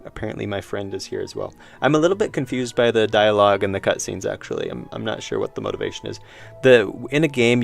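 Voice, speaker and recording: A man's voice: fairly low pitch, gravelly. A man casually commenting while he plays a horror game, musing aloud and reading the game's dialogue as he goes. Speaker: streamer playing a horror game.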